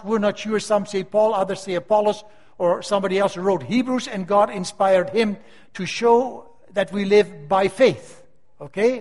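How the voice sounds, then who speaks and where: Older preacher in a reverberant hall. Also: male voice, high voice. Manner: emphatic, slows down to stress key phrases. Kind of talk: sermon.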